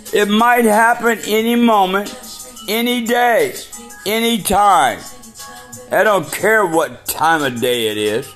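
A man's voice: sits high, fairly bright tone. A man delivering a profane, preachy rant full of rhetorical questions. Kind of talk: ranting monologue.

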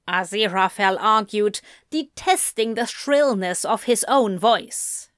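Woman narrating a story, slow and expressive, lively up-and-down voice. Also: mid-range voice, clean tone, no room sound, clean studio sound. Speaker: audiobook narrator.

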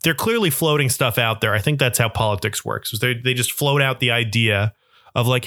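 A man's voice: mid-range voice, fairly quick, sharp tone, dry recording, studio quality. A man in a casual, profane political rant, sarcastic and often laughing.

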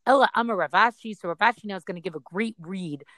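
A woman teaches a Talmud passage, reading the original text and then explaining it step by step. Her voice sits at a medium pitch and is recorded dry and close, with no room sound. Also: quick pace, a bit bright, dry recording. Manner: reads the text aloud, then explains it, often checking in with "right?".

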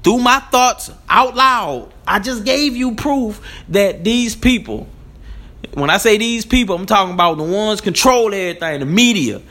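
A man's voice: high voice, animated, moderate pace, bright, forceful tone. A man hosts his own commentary channel. His talk is loose and conversational. He laughs often and keeps checking in with "you know what I'm saying". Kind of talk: casual spoken commentary.

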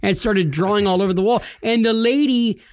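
Podcast co-host, male, fairly high voice, jokey storyteller, dry close mic. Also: brisk, no echo. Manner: jokey storyteller, acts out quoted people. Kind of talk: casual podcast chat.

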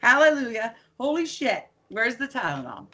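A woman doing an impression of a frantic middle-aged dad in a furious holiday rant, firing off a rapid string of insults. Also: fairly high pitch, very animated, bright, forceful tone, voice pushed up.

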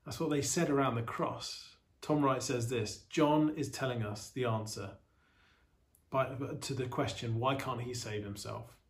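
A man preaching a sermon as pastor of an online church service, earnest and steady, with reflective pauses. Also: medium pitch.

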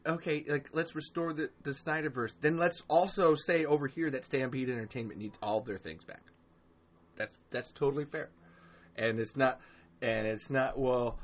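A man talks alone on a livestream podcast, rambling and swearing freely. His sentences stop and restart around a steady stream of ums and uhs, and he breaks off to answer viewers in the live chat before picking the thread back up. His voice sits at an ordinary middle pitch for a man. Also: moderate pace. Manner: reads and answers live chat mid-rant. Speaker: podcast host. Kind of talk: solo livestream podcast rant.

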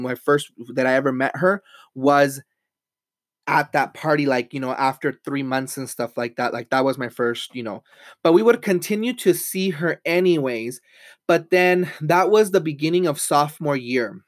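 A man's voice: a little high, no room sound, clean studio sound. A young man hosting a casual podcast, rambling with many fillers and dropping in Spanish phrases. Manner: rambling, lots of "like", mixes in Spanish. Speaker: podcast host. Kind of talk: casual chat.

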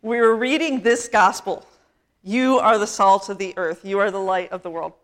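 A woman's voice: medium pitch, steady tone, moderate pace. A middle-aged woman priest preaching a conversational sermon, self-deprecating and often laughing.

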